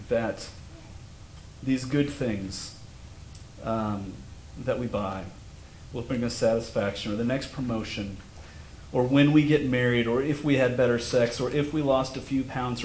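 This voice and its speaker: A man's voice: medium pitch, reverberant, a little hiss or hum. A male pastor preaching a sermon in a conversational, storytelling way. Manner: conversational, self-deprecating storytelling. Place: church sanctuary.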